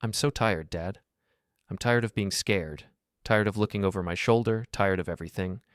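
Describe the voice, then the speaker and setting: A man's voice: on the low side, normal speed, clean tone, no echo, studio quality, close to an everyday voice. A man voicing a tired, guilt-ridden adult daughter in a storybook narration, in a pleading, weary manner. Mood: tearful.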